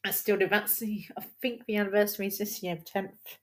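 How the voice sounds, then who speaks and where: A woman's voice: medium pitch, steady tone, fairly quick. A woman hosting a casual solo film podcast at home, chatty and rambling and laughing often, recorded on a laptop's built-in mic. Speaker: podcast host.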